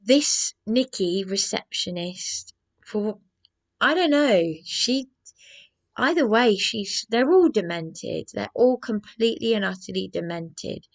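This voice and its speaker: Brief: woman vlogger, gravelly voice, slow aggrieved rant full of restarts. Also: medium pitch, animated. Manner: agitated, aggrieved ranting with many restarts. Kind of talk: rambling personal monologue.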